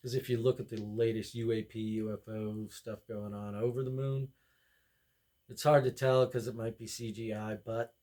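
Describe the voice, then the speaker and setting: A man with a fairly low voice rambles through a comedy monologue. He talks with excitable energy and jumps from one tangent to the next. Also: moderate pace. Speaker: podcast host.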